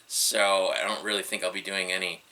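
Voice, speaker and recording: A man's voice: low voice, steady tone, fairly quick, sharp tone. A middle-aged man giving casual, rambling solo commentary on entertainment news, wry and skeptical, with frequent ums and uhs.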